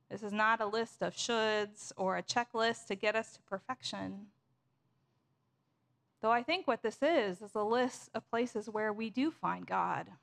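A woman pastor preaching a sermon in a measured, storytelling way. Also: a little high, fairly bright tone.

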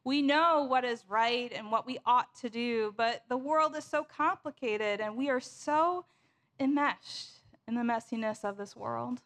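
A woman pastor preaching a sermon in a measured, storytelling way. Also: fairly high pitch, a bit bright.

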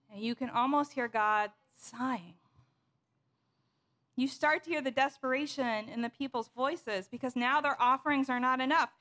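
A woman pastor preaching a sermon in a measured, storytelling way. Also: sits high, pushed and bright.

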